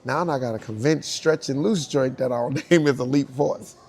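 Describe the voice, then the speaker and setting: A man's voice: medium pitch, fairly even intonation, normal speed, darkish tone, husky. A man who is a dancer tells an anecdote and acts out the dialogue, laughing often. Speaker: dancer guest. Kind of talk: storytelling anecdote.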